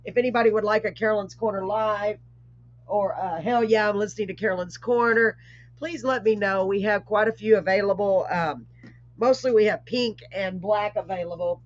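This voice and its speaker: A woman hosting a live online show, chatting casually with rambling asides and warm blessings. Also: medium pitch, moderate pace. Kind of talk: casual live-stream chat. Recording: dull lo-fi stream audio.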